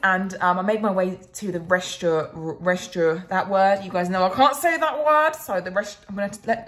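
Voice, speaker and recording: A woman's voice: medium pitch, normal speed, hardly any pauses, fairly bright tone, a little hiss or hum. A young woman from Finland with a Finnish accent, chatting casually in a vlog, swearing freely and laughing often. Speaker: vlogger.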